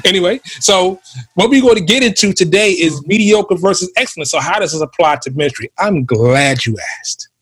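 A man co-hosting a casual ministry podcast, telling animated stories and acting out quotes. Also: sits high, brisk, slightly rough. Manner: animated storyteller, acts out quotes. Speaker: podcast co-host. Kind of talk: casual chat about ministry.

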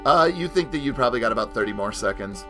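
A man's voice: mid-range voice, expressive, fast, music in the background. A man narrating as game master in a tabletop game, hesitant and full of fillers.

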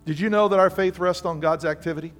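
An older man preaching a sermon as pastor, lively and conversational, calling on the congregation to respond. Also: high-pitched, quick pace, faint music behind. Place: church sanctuary.

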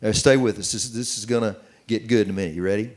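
A middle-aged man preaching on marriage, reading scripture slowly and commenting as he goes. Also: on the low side. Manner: earnest, reads scripture slowly with running commentary. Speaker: pastor teaching on marriage. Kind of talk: sermon-style Bible teaching.

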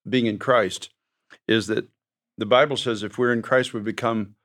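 A man's voice: lowish voice, fairly even intonation, normal speed, a bit bright. A man hosting a faith talk show, speaking in a preacherly way and quoting scripture.

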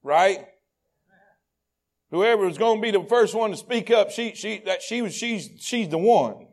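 A very high-voiced man preaching a sermon. He stacks repeated phrases in rhythm and drops to a near hush before climbing to shouted peaks. His delivery is heartfelt and impassioned. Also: lively intonation, measured pace. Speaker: pastor.

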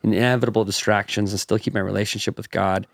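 A man's voice: fairly low pitch, steady tone, quick pace, no echo, clean studio sound. A man co-hosting a podcast who reads listener questions aloud and affirms the other speaker's answers. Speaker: podcast co-host. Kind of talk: casual podcast chat, reading listener questions.

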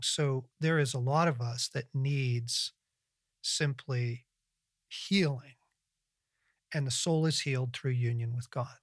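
Middle-aged guy on a christian podcast, earnest, reflective, gets animated, dry close mic. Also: mid-range voice, no echo. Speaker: podcast host and Christian author. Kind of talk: casual conversational teaching.

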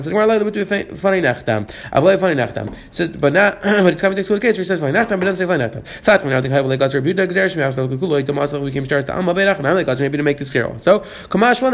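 A man, possibly, teaching a page of Talmud at a quick clip, with Hebrew and Aramaic terms mixed into his English explanations. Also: on the high side. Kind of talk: fast daily page lesson.

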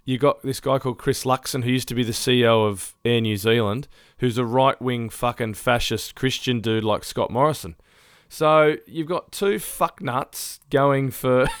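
A man co-hosting a podcast, ranting loosely and swearing as he goes, breaking into laughter mid-thought. His voice sits at an ordinary male pitch. The sound is close and dry, with no room around it. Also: fairly bright tone, no room sound. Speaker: podcast co-host. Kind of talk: casual chat.

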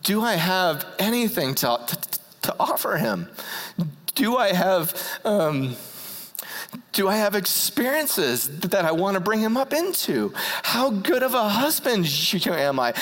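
A man preaching a sermon, often halting and repeating words as he starts a phrase. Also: sits high, sing-song, a bit bright. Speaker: pastor. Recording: church hall reverb.

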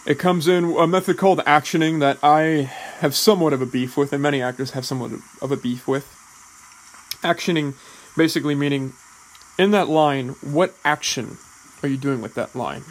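A man who is an actor, explaining drama school training in a deliberate, measured way, often restarting words. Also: on the high side, rough recording. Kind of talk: explanatory talk.

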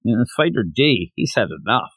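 A man's voice: mid-range voice, moderate pace, no room sound. A man hosting a casual manga review podcast, retelling scenes with energy and acting out the characters' lines. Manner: animated, acts out characters while retelling. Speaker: podcast host.

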